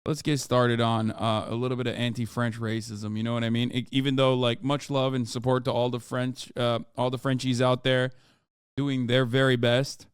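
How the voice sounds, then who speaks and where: Man in his 30s, Turkish native, streamer; sarcastic, animated profane commentary, smooth clear tone. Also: mid-range voice, normal speed, no echo, clean studio sound. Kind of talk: casual livestream reaction commentary.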